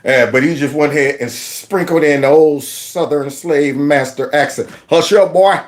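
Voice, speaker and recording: A man hosting an opinionated commentary vlog, mocking and animated, laughing often as he reacts to clips. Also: on the high side, normal speed. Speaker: political commentary host.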